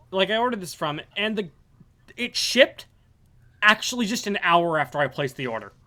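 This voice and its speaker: A young man with a slightly higher-than-usual voice rambles through a story in casual gaming chat. He keeps restarting his sentences and leaning on "like". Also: very animated, unhurried, pushed and bright. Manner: rambling, many fillers and restarts. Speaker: podcast co-host.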